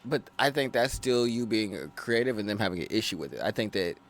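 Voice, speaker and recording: Low-voiced man in podcast chat. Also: animated, quick pace. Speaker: podcast co-host.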